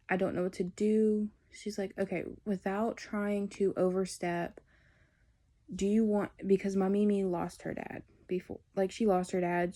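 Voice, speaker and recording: A woman's voice: medium pitch, mellow. A teenage woman, telling a personal story in a candid, rambling way. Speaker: vlogger.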